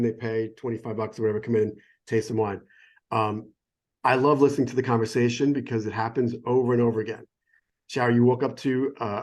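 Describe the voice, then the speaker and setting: A man's voice: mid-range voice, a little mellow. Chatty digressive middle-aged sommelier man. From United States. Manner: enthusiastic, digressive, self-interrupting. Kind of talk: casual explanatory chat. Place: phone or remote call.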